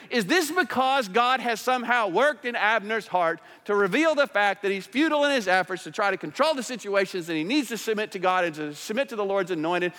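A fairly high-voiced man preaches a sermon, pressing his points with rising emphasis and then dropping into quieter asides. His voice carries the long reverb of a large hall. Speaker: pastor.

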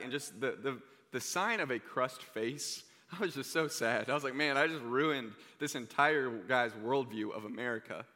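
A young man preaching to a youth group, telling a story in a lively, joking way. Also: mid-range voice. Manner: energetic, joking, conversational. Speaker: youth pastor. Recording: reverberant hall.

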